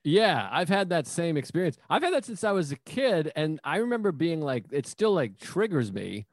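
A man's voice: a little high, big pitch swings, normal speed, dry recording, clean studio sound. Swearing man telling rambling anecdotes. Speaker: podcast host. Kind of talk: casual chat.

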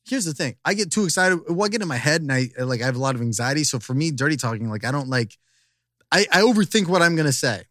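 A young man spins rambling, self-deprecating stories on a podcast, his voice swooping up and down with bright energy. The sound is close and dry, with no room around it. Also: a little high, animated, quick pace, no echo. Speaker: podcast guest. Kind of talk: casual podcast chat.

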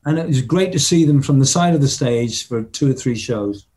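A man's voice: medium pitch, moderate pace, dark tone. An older man telling a story in conversation as a rock drummer guest, reminiscing with emotion and humming drum rhythms.

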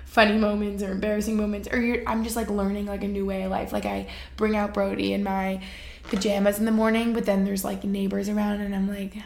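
Casual vlogger, woman in her 20s, giggly storyteller, light creaky edge. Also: medium pitch, level tone, brisk, a little mellow, slight background noise. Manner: chatty, giggly storytelling with many fillers. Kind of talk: casual chat to camera. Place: new apartment, indoors.

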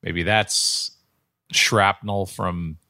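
A man's voice: deep voice, steady tone, drawn-out words, pushed and bright, no echo, studio quality. A middle-aged man, a podcast host and sports broadcaster, telling long, rambling anecdotes in casual chat.

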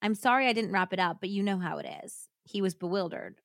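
A woman's voice: mid-range voice, fast talker, fairly bright tone, dry recording, clean studio sound. A woman hosting a podcast, telling a true-crime story casually with many fillers and laughs. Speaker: podcast host.

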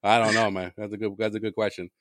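A man's voice: on the low side, flat delivery, fast talker, dry recording, studio quality. A man co-hosting a podcast, riffing animatedly and swearing freely in casual sports chat. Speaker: podcast co-host.

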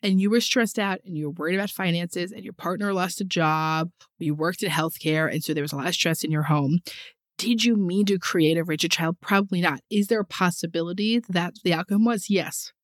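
A woman's voice: on the low side, no room sound. Emphatic woman, dry close recording. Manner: emphatic, slows down to stress points. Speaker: podcast co-host, therapist. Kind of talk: casual podcast chat.

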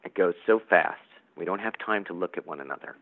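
Brief: grieving young woman's farewell, read by a man, soft and pleading, tinny phone sound. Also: low-pitched, brisk, gravelly. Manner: pleading, tearful. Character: young dead woman, anguished and tender.

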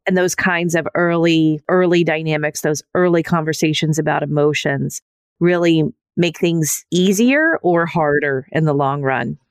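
A woman with a notably low, deep voice hosts a podcast. She sets up everyday scenarios and poses questions in a reflective way. The sound is dry and close, with no room echo. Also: unhurried, clean tone. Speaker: podcast host. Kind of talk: podcast conversation.

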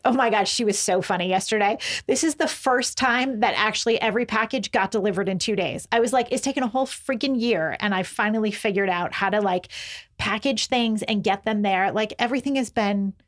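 A woman guest in a casual chat, bubbly and excitable as she tells a story. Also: medium pitch, brisk.

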